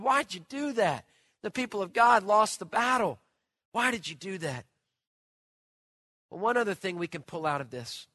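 A man preaching a sermon, telling stories with animation and swinging from loud to hushed. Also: high-pitched, no echo. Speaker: pastor.

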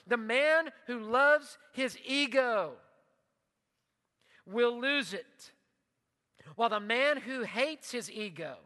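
A man preaching a sermon as pastor, emphatic, leading the congregation in repeated phrases and dropping to a hushed voice in prayer. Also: very high voice. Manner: leads call-and-response repetition. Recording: long hall reverb.

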